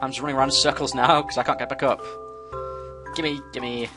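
A man giving casual, excitable commentary as he plays a game, talking to himself with sudden yelps. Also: medium pitch, fairly quick, music in the background. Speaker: gameplay commentator.

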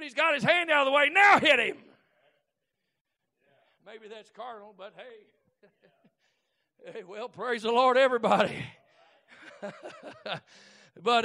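A man preaching in a very high, strikingly bright voice. He spins down-home stories and breaks into shouted exhortation. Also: vocal fry. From Oklahoma. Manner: folksy storytelling that builds to shouted exhortation. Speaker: guest preacher. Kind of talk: Pentecostal preaching.

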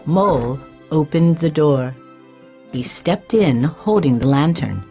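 A woman reading a children's storybook aloud in a slow, clear way for learners. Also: deep voice, expressive, dark tone, faint music behind. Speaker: narrator. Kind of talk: scripted storybook narration.

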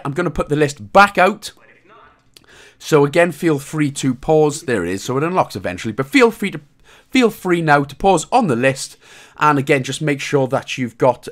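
Welsh male walkthrough host, higher-pitched voice, irreverent humor with mild cursing, patient and repetitive guidance. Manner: irreverent, joking, mild swearing; reassuring, repeats instructions. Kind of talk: casual commentary over gameplay.

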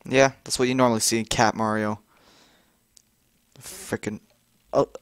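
A young man commenting on a frustrating video game he is playing, exasperated, swearing and yelling at it. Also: lowish voice, flat delivery, a little slow, smooth, no room sound, clean studio sound. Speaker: gamer. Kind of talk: frustrated let's-play commentary.

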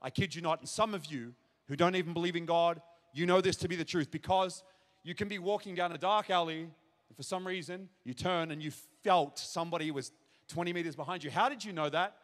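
Man, pastor, testimony sermon, high-pitched voice, long echoing hall reverb. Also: fairly quick. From Australia. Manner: storytelling, acts out shouted child's cries. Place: large church auditorium.

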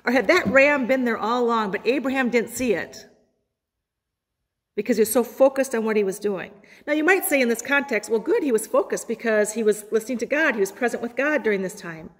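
A woman pastor preaching a sermon, quoting scripture with dramatic pauses. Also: a little high, expressive. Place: church sanctuary. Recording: long hall reverb.

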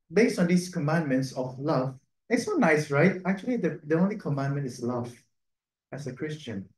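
Priest preaching in an echoey room. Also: male voice, a little high. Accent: Filipino English. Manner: conversational, laughing asides, tag questions. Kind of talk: sermon.

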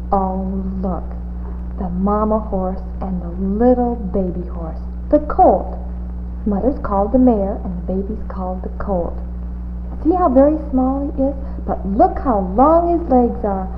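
A woman hosting a children's TV show, talking slowly and coaxingly to small children in a sing-song way, with many little questions. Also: mid-range voice. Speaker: children's TV hostess. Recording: tinny, hissy 1950s TV audio.

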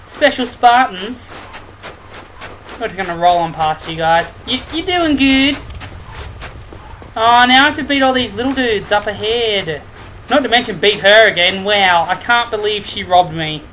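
A woman doing let's play commentary, excitable and trash-talking the enemies she fights. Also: mid-range voice, slight background noise, poor audio. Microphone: headphones and desk mic. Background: game music.

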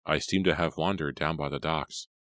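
Man reading as a shaky earnest young gentleman, deep voice, dry sound. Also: steady tone, normal speed, no room sound. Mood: brooding. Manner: trembling, earnest. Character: young male gentleman, lovestruck and nervous.

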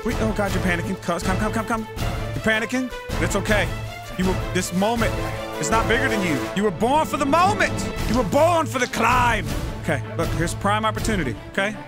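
A man giving excitable, profane gameplay commentary, yelling at and coaching his game character. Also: high-pitched, fairly quick, loud music behind the voice. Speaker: let's play gamer.

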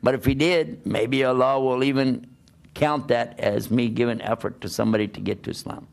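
Gravelly-voiced man preaching with animated questions. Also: mid-range voice, moderate pace. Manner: animated, plays out quoted voices and asks rhetorical questions. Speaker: Islamic preacher. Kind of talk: religious talk to an audience.

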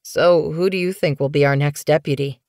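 Woman doing young male warrior cat, friendly, warm, eager, dry audiobook sound. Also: deep voice, steady tone, normal speed, no echo.

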